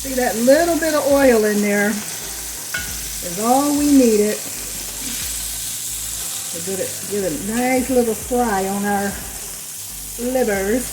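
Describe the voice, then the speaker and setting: A woman hosting a home cooking demonstration, chatty and unhurried, speaking to viewers as "you guys", a little hoarse from a lingering cough. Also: a little high, background noise. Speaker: cooking channel host.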